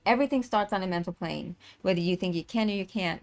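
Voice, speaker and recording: A woman's voice: medium pitch, quick pace, hardly any pauses, faint music behind. A woman hosting a live stream, talking casually and rambling, with many fillers and restarts. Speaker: livestream host and tour organizer.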